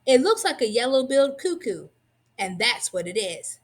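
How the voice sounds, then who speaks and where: A woman's voice: a little high, normal speed. Woman reading a storybook aloud. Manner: expressive, lively storytelling. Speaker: reader.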